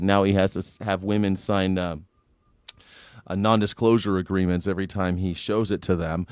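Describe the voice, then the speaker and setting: A man's voice: on the low side, a little mellow, smooth. Mocking guy riffing on the news, dry close sound, no room echo. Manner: irreverent, mocking, sarcastic ranting. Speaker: host. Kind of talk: live news reaction commentary.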